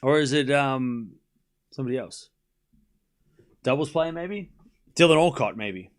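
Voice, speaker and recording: A man's voice: mid-range voice, animated, measured pace. Sarcastic man chatting to stream viewers. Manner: sarcastic, teasing, rambling with restarts. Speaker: streamer hosting a tennis watchalong. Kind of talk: casual live-stream chat answering viewers.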